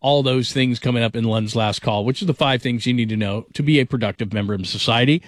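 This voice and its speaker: A man's voice: medium pitch, fast talker, no echo, clean studio sound. A man hosting a national sports radio show, enthusiastic and heavy on superlatives.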